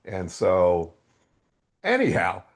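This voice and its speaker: A man's voice: sits low, huge pitch swings, slow. A middle-aged man, a podcast guest, telling his faith story in a raw, candid way and acting out his own past outbursts. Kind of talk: candid testimony in an interview.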